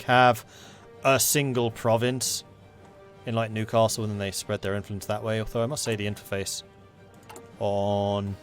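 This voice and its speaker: A man casually commenting as he plays a strategy game, thinking aloud. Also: mid-range voice. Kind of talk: gameplay commentary.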